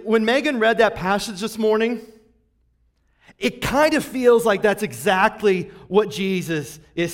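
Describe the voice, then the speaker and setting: A male pastor in his forties preaches in a relaxed, conversational tone, with a voice that sits somewhat high for a man. He keeps drawing the congregation in with rhetorical questions, and his pace and volume ease up and down as he builds his points. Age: 40s. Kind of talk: sermon.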